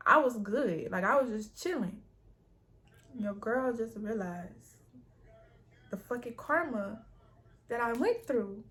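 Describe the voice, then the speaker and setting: Young female vlog host, slightly high voice, blunt and profane, relaxed storytelling. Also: slow pace, pauses often. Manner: blunt, profane, streetwise talk. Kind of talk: casual storytelling chat.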